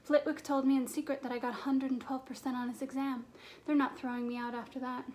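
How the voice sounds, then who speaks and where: A clever schoolgirl witch , voiced by a woman reading aloud, talks briskly and earnestly. Her voice is high. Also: level tone, darkish tone, a little hiss or hum, natural voice.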